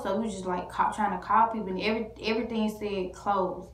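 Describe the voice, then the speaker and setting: A woman's voice: medium pitch, steady tone, quick pace. A woman vlogger telling a story casually to camera, rambling with many fillers and restarts. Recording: echoey room.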